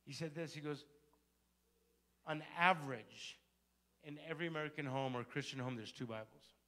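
Bright-voiced man preaching a sermon. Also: fairly high pitch, moderate pace. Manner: storytelling, building to fervent exhortation. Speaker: pastor. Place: church sanctuary.

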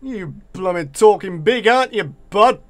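A man with a British accent commentating live on his own gameplay, excitable and taunting his opponents. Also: high-pitched, measured pace. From Britain. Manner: excitable, talks to opponents and viewers. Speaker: gaming video creator.

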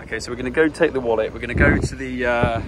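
A man's voice: medium pitch, fairly even intonation, racing. A man talking to the camera on a travel vlog, playful and joking. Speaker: travel vlogger. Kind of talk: casual vlog narration. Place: outdoors on a beach and street. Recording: outdoor noise around the camera mic.

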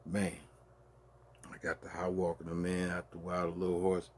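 A man telling a long, casual story as a show host, with a loose, drawn-out delivery full of restarts and asides to the listener. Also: deep voice, completely flat delivery, darkish tone, a little hiss or hum. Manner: loose and conversational, peppered with "man" and "you dig".

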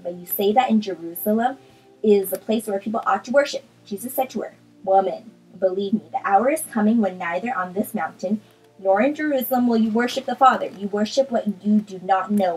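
A woman's voice: medium pitch, a little mellow, breathy edge, poor audio. A woman vlogger chatting casually with lots of ums, then reading a Bible chapter aloud. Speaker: art vlogger. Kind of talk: casual chat and scripture reading.

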